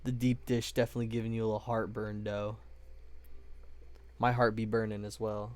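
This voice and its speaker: A man's voice: lowish voice, flat delivery, fairly quick, darkish tone. Playful, joking man live streaming. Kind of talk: casual live-stream chat while building models.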